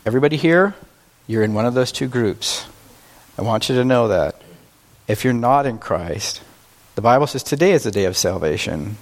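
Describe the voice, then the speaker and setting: Male pastor, mid-pitched, conversational sermon delivery, slows down for emphasis. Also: lively intonation. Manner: conversational and self-deprecating, with emphatic slowed phrases.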